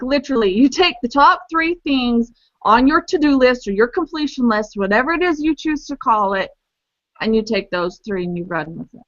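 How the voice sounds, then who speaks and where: A middle-aged woman co-hosting a lively casual chat, playing up big expressions and laughing a lot. Her voice is high and bright. The sound is dry and a little muffled. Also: no echo. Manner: animated, laughs often, plays up big expressions. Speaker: co-host.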